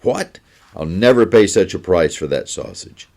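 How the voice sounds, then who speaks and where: A boastful, complaining young soldier from a children's storybook, voiced by a man reading aloud. His voice sits very low and sounds dark and mellow. The tone is brash and ready to argue. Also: expressive, measured pace, full character voice. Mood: indignant.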